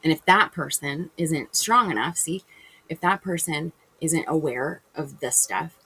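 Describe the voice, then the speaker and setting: Talking casually to camera, a vlogger rambles through a spiritual monologue, acting out imagined conversations and correcting themselves along the way, loose and chatty with fillers. The voice is medium-pitched, a little slow, sharp with a breathy edge, on a low-quality recording.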